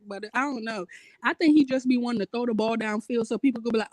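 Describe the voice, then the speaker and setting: Woman, exasperated, animated, higher voice, dry close sound. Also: a little fast, no room sound, rough recording. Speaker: guest fan. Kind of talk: casual sports chat.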